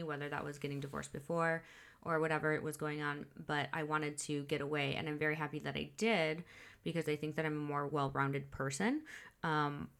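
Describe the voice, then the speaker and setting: A woman's voice: low voice, fairly bright tone, clear, resonant tone. A young woman from the Midwest, hosting a podcast in casual chat, candid and swearing freely, restarting her sentences often. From Huntley, Illinois. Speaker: podcast host.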